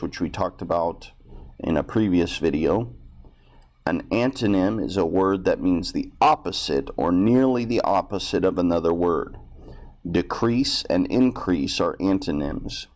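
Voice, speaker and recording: A man's voice: low voice, moderate pace, darkish tone. A male teacher reading a textbook story aloud to students and explaining vocabulary in a plain, explanatory way.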